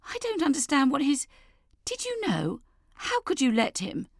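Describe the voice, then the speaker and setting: A middle-aged mother, as a woman narrator voices her, raised in pitch and urgent, now questioning, now commanding. Her storybook lines are lively and sound close and dry. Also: moderate pace, creaky, dry recording, full character voice. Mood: alarmed. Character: flustered middle-aged mother, dizzy and firm.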